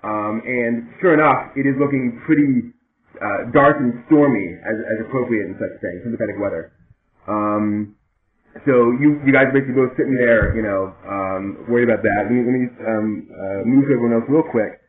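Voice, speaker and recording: A man's voice: medium pitch, reverberant. Guy gm over voice chat, stops and restarts a lot, sounds like a phone line. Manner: halting, many ums and restarts. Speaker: game master. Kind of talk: explaining rules and narrating a tabletop game. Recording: tinny voice-chat line, faint hiss.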